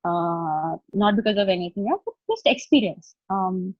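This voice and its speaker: A woman's voice: mid-range voice, animated, normal speed, dry recording, lo-fi sound. A woman life coach with an Indian English accent, chatting through a live online session and checking in with her listeners as she explains each step. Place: video call.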